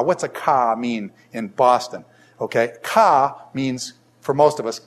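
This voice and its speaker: A man's voice: medium pitch, measured pace. An older man giving a classroom lecture in a conversational way, asking the class many questions as he teaches.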